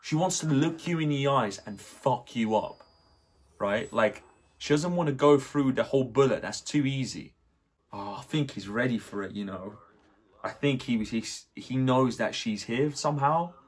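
A young man hosting a casual movie reaction, excitable and swearing, with lots of "like" fillers. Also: mid-range voice, normal speed, breathy edge.

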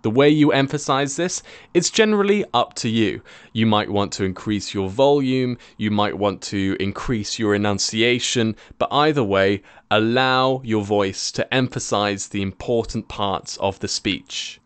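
A man teaching presentation skills in a clear, methodical, encouraging way. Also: lowish voice, lively intonation, unhurried, no room sound. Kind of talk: instructional tutorial.

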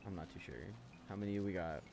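A man's voice: sits low, fairly even intonation, quick pace, a little mellow, slight background noise. A man playing a video game and talking to himself with frustrated, swear-heavy commentary. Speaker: gaming channel host. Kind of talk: let's play commentary.

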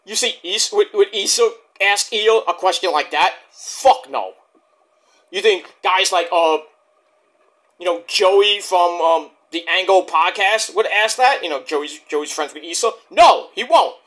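A man's voice: sits high, a little slow, fairly bright tone. Profane, heated man ranting about wrestling. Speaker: wrestling reviewer.

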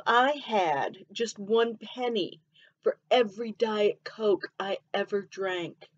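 A woman's voice: mid-range voice, slow pace, muffled recording. A woman from Michigan with a mixed Southern and Midwestern accent, hosting a casual solo podcast and chatting freely, often drifting onto tangents. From Michigan, USA. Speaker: podcast host.

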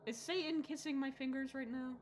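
A fairly high-voiced woman streaming a horror game. She lurches from shouted insults at the screen to soft muttered asides, and rambles jokingly with her viewers. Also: brisk, slight background noise. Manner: swings between shouted insults and quiet mumbling; rambling, jokey chatter with chat.

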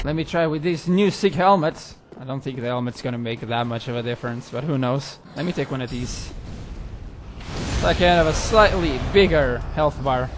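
A man commenting as he plays a video game, excitable, yelling, swearing and laughing at it, with game music behind him. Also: medium pitch, normal speed. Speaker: gaming video host. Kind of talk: live let's-play commentary.

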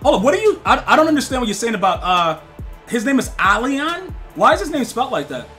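A young man streaming a football video game live, chatting with his viewers, excitable and slangy, often repeating himself. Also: extremely high pitch, fast, soft background music.

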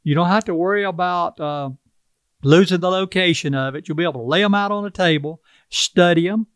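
A man's voice: high-pitched, brisk, smooth, no room sound. An older man from South Carolina with a Carolina Southern accent, talking in a folksy, earnest way as an interview guest. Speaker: tribal chief, interview guest. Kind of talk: casual interview talk.

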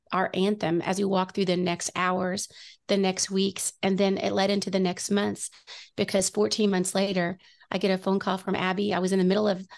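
Gravelly-voiced woman sharing a story. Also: medium pitch. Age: middle-aged. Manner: earnest storytelling with frequent restarts. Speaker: guest. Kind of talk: faith talk show testimony.

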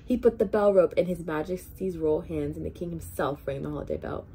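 Mellow-voiced woman reading a storybook. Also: sits low, brisk, slight background noise. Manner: expressive, animated read-aloud. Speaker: children's hospital volunteer reader. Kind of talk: storybook read-aloud.

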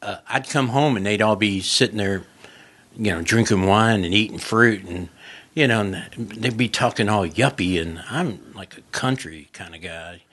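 A man's voice: moderate pace, slightly rough. A male comedian telling stories in a casual podcast chat. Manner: loud laughing, does high mocking voices in quotes. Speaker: comedian guest.

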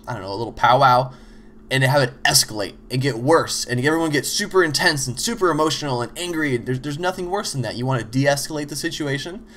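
A man's voice: mid-range voice, fairly bright tone, a little hiss or hum. A man hosting a show, giving a casual instructional talk on teamwork in a loose, conversational way. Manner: loose, conversational, frequent "you know" and "like"; acts out little example dialogues. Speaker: host explaining teamwork.

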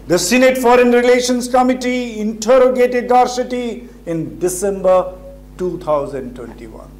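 Male political commentator with a high voice, from India, emphatic and rhetorical. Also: darkish tone. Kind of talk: scripted commentary.

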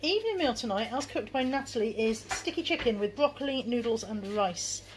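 A woman's voice: fairly high pitch, expressive, a little fast, a little hiss or hum. A British woman chatting frankly to her phone camera at home as a vlogger, self-deprecating and casual. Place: at home, kitchen and bedroom.

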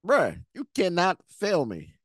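A man's voice: high voice, wildly swooping pitch, takes it slowly, husky, no room sound, clean studio sound. A man giving casual, slangy commentary while reacting to a movie, laughing often.

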